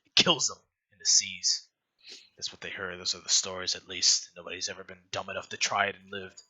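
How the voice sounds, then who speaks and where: A man's voice: deep voice, flat delivery, fairly quick, sharp tone, heavily acted, low-quality recording. A man playing a grim, weary rebel leader. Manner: gruff, grim and worn down. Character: weary male rebel leader on a cursed island.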